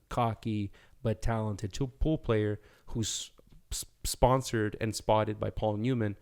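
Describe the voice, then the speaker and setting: A man with a fairly low speaking voice, talking as a guest on a casual podcast. He rambles, circles back and restarts his sentences while working through his thoughts. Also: darkish tone. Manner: rambling, lots of restarts and fillers. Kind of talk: casual chat.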